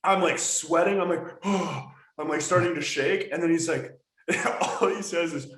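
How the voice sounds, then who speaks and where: An American man co-hosting a podcast, telling a story in a casual, animated way with laughs. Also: fairly high pitch, normal speed. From United States. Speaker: podcast co-host. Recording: roomy echo.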